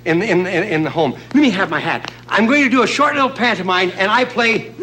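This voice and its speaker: A man's voice: high voice, expressive, a little fast. A man hosting a comedy show, telling folksy jokes in a stand-up monologue and chuckling at his own gags. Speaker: comedian host. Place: TV studio stage before a live audience. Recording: loud crowd and noisy studio sound. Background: loud audience laughter and noise.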